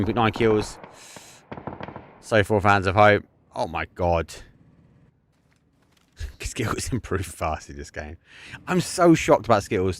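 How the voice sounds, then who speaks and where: Male esports caster, deep-ish voice, rapid live calls that spike into shouts, faint gunfire underneath. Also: slight background noise. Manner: excitable, bursts into shouts and laughter at big plays. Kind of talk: live play-by-play commentary.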